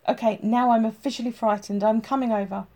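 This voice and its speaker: A woman voicing a frightened young woman who is worried for her partner, urgent and pleading, rising to shouts. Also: high voice, animated, normal speed, breathy edge, pitched above the performer's own voice.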